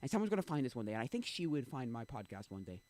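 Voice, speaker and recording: A man's voice: mid-range voice, big pitch swings, racing, darkish tone, no echo. A young man live streaming, rambling in casual chat with many restarts and trailing thoughts.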